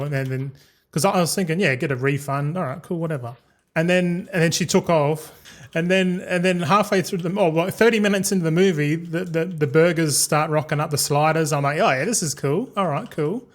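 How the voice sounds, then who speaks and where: A young man tells a long story in a loose, casual way. His voice sits a little higher than most men's. He stumbles over his words, repeats himself and swears freely. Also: brisk. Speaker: streamer.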